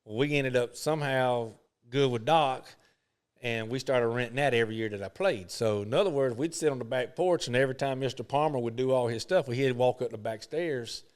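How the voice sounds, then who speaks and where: Folksy man, smooth voice. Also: medium pitch, fairly quick. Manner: folksy, rambling, lots of "you know". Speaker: professional golfer, interview guest. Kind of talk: casual storytelling interview.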